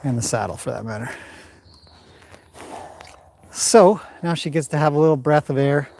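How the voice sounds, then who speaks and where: Training a horse in an indoor arena, a man gives calm livestream commentary, turning between the horse and his viewers. His voice is a little high and gravelly, he speaks at a moderate pace, and there's a slight hiss or hum.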